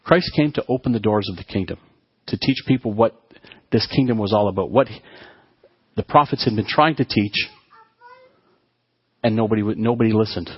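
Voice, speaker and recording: A man preaching a sermon to his congregation, often halting and restarting his words as he talks. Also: on the low side, husky, no room sound, dull audio. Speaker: pastor.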